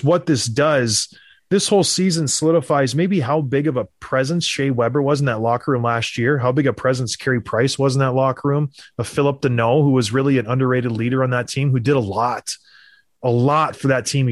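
A man co-hosting a hockey podcast, talking in a sarcastic, mocking, animated way. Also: on the high side, dry recording, clean studio sound. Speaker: podcast co-host. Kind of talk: sarcastic sports banter.

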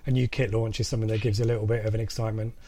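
A man's voice: fairly low pitch, little pitch movement, racing, dark tone, slight background noise. A man hosting a casual football podcast, chatty with many fillers and restarts. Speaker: podcast host.

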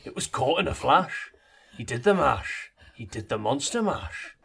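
A spooky Geordie reciter with a gravelly, husky edge , put on by a man. He drags every line out with mock eeriness, rough and breathy in the throat. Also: medium pitch.

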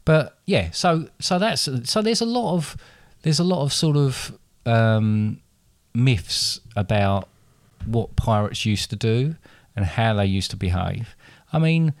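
A man's voice: mid-range voice, expressive, slow, no room sound, studio quality. A man hosting a casual podcast, rambling and correcting himself as he explains. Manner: rambling, self-correcting, chatty. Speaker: podcast host.

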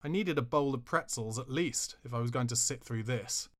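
Measured male podcast host reading aloud. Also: medium pitch, a bit bright.

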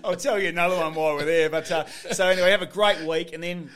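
A man's voice: a little high, fast. A middle-aged Australian man telling stories in a casual chat, acting out what others said and laughing often. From Western Australia. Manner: animated storyteller, acts out quotes, laughs often. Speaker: podcast guest, former footballer.

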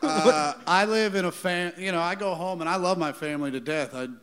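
A man's voice: high-pitched, fairly quick, heavy background noise. A man from Kansas chatting as a comedian guest on a live stage, telling a loose anecdote. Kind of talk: casual onstage chat.

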